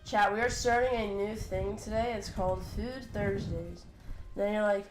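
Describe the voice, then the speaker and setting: A woman's voice: medium pitch, fairly even intonation, normal speed, over music. An eighteen-year-old woman hosting a cooking livestream in her home kitchen. She has a cold that makes her voice crack, and she chats casually, joking and swearing playfully. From United States. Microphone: desk condenser mic.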